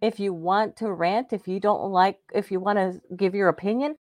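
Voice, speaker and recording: A woman co-hosting a podcast, chatty and excitable, often breaking into giggles. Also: mid-range voice, moderate pace, no echo. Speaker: podcast co-host. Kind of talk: casual chat.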